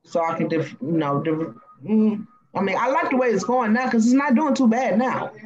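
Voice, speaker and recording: A Cajun woman chats loosely on a live stream, her talk rambling and folksy with plenty of drawn-out fillers. Her voice sits at a middling pitch. The sound is dull and lo-fi, like a cheap stream mic. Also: darkish tone. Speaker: live-stream host reading cards. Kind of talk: casual live-stream chat.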